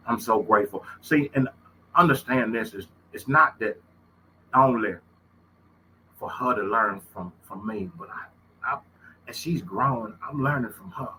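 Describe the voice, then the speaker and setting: A man's voice: mid-range voice, measured pace, pauses often, pushed and bright, a little hiss or hum, rough recording. A middle-aged man with a Southern Louisiana accent tells stories in a casual monologue, folksy and emphatic, and he repeats his phrases. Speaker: host.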